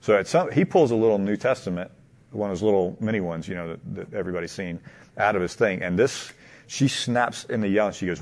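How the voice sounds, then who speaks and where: A man telling a long anecdote to a small group in a casual, halting way, asking them questions along the way. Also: fairly low pitch. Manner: animated, halting, many restarts and laughs. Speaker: teacher leading a group discussion.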